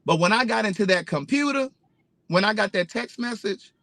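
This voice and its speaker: A man telling a story straight to his viewers in a casual vlog, pitched a little higher than most men. He talks emphatically and indignantly, with plenty of profanity. He calls out his audience directly as he goes. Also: expressive, normal speed, bright, forceful tone, dry recording. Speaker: vlogger.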